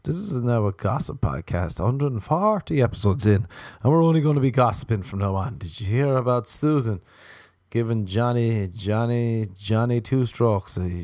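Rambling man, low voice. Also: darkish tone, dry recording, clean studio sound. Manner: rambling, crude, self-mocking. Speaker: podcast host. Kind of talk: rambling comedic podcast monologue.

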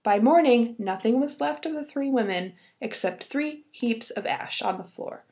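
A woman's voice: a little high, animated, moderate pace, warm tone. A young woman reading a fairy tale aloud, breaking off for playful, giggly asides. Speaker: podcast host. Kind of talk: storytelling with casual commentary.

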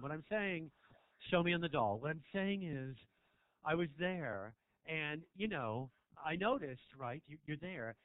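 Holding a stage mic in a small club, a comedian with a fairly high voice works the crowd, rambling provocatively and teasing the audience during his stand-up set. The sound is phone-quality, with no room sound.

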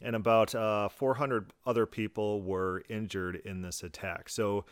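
A man hosts his podcast in a quick, sarcastic run of commentary, mocking the clips he plays. His voice is smooth and clear, a little low for a man. The sound is dry and close. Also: flat delivery, dry recording. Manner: sarcastic, fast-talking, mocking. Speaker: podcast host. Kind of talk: argumentative commentary.

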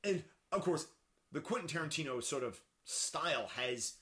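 A man co-hosts a casual film chat, his voice riding a lively, rather high pitch. He talks in halting bursts, restarting sentences and leaning on fillers as he works his way to a point. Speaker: podcast co-host.

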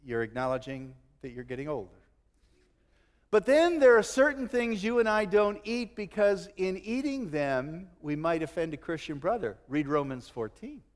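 A middle-aged man preaching a sermon, animated, acting out quotes and chuckling now and then. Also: high-pitched, moderate pace, big-room sound. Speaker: pastor.

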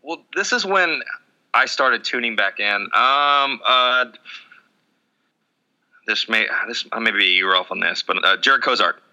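Excitable man with a very bright voice. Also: mid-range voice, measured pace, long pauses, highs cut off. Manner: excitable, swears, many fillers. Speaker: podcast co-host. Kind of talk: casual sports chat.

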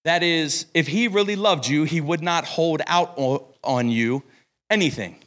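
A young man preaching at a summer camp service, energetic and playful, calling himself over the top. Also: a little high, unhurried. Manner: energetic, playful, self-described as extra. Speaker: camp speaker. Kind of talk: sermon.

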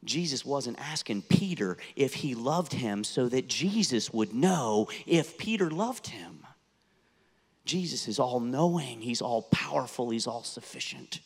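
A man's voice: medium pitch, lively intonation, measured pace, gravelly, husky. A pastor in his fifties, born and raised in the United States, preaching an earnest sermon that rises to impassioned intensity. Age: 50s. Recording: long hall reverb.

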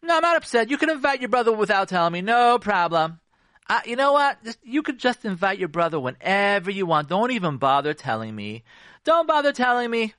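A resentful wife, put on by a man, answers her husband with mocking, biting sarcasm. The voice is pushed well up in pitch and swoops about with a hard, bright edge. The sound is close and dry. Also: big pitch swings, brisk, dry recording, exaggerated voice. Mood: sarcastic.

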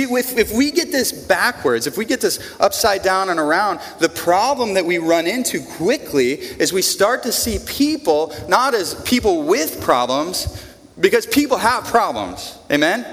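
A man's voice: fairly high pitch, fairly bright tone. A man preaching a sermon to a congregation, talking in a conversational way, repeating words and asking them questions. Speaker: pastor. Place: church in front of a congregation. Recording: long reverb of a large room.

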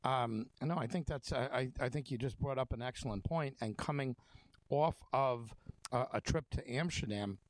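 A man's voice: mid-range voice, normal speed, a little hiss or hum. A man hosting a talk show, telling stories in a rambling, conversational way with many fillers and restarts. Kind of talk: casual conversation.

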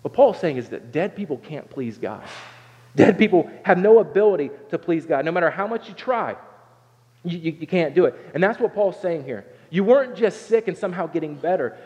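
A man from Southern Ohio preaches a sermon in a fairly high voice, earnest and conversational, with frequent restarts. His words ring out with a long reverb tail, and the recording sounds a little dull. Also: lively intonation, fairly quick, darkish tone. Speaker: pastor.

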